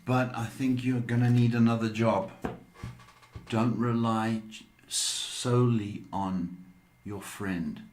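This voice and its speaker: A man's voice: medium pitch, fairly even intonation, takes it slowly, a little mellow, roomy sound. A man giving psychic readings on a live stream, talking with many hesitant ums. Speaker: psychic reader.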